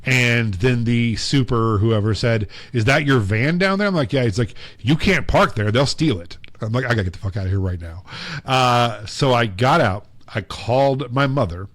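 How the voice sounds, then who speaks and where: A man's voice: medium pitch, expressive, moderate pace, fairly bright tone, no echo. A man co-hosting a podcast, telling long casual stories with lots of fillers and acted-out quotes. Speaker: podcast co-host. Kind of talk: casual storytelling chat.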